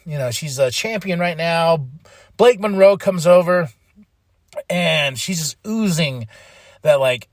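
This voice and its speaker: A man hosts a podcast and recaps wrestling in a casual, chatty way, full of fillers and restarts. He acts out what wrestlers said in big, exaggerated voices. His voice sits a bit high, and the sound is dry and close to the mic. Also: expressive, takes it slowly, long pauses, no room sound. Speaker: podcast host.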